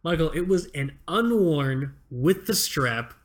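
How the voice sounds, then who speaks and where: A man's voice: fairly high pitch, expressive, takes it slowly. A young man co-hosting a podcast in casual chat, rambling, swearing and repeating words, often laughing. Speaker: podcast co-host.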